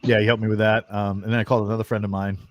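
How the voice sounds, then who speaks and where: A man's voice: on the low side, rapid-fire, a little hiss or hum. A man guest author on a video call, telling stories in casual chat and acting out his friends' voices. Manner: animated storyteller, acts out quoted friends.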